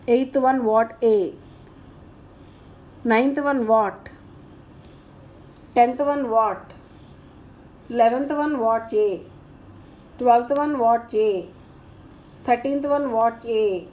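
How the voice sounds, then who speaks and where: A woman teacher, slowly reading out grammar exercise answers and punctuation marks. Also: on the high side, darkish tone. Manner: slow, deliberate dictation of answers and punctuation.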